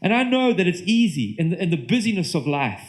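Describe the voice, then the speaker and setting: A man's voice: sits high, very animated. A man with a British accent preaching a sermon to his church, earnest and often restarting his sentences. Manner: earnest, halting with repeated restarts. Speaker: pastor.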